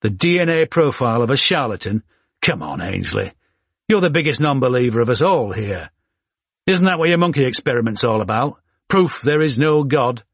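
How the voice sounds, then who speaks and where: A man's voice: medium pitch, expressive, normal speed, breathy edge, no room sound, clean studio sound, voice pushed up. A man voicing a blunt Yorkshire board member. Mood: dismissive. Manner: blunt, dismissive. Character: blunt Yorkshire businessman, skeptical and irritated.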